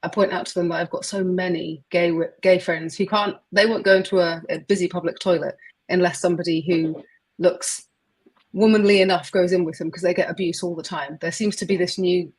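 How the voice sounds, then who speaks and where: A woman's voice: lowish voice, steady tone, fairly quick, a little mellow, husky, poor audio. A woman on a live panel, speaking reflectively and telling small personal stories. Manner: reflective, storytelling. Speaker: panel guest.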